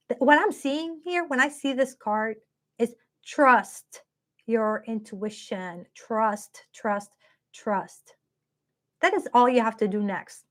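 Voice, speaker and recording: A woman giving a live-streamed tarot reading in a chatty, upbeat way, talking straight to her viewers. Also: fairly high pitch. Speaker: tarot card reader.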